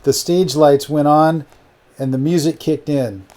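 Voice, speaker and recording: A man narrating an audiobook novel in a steady, matter-of-fact way. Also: a little high, unhurried. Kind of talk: scripted narration.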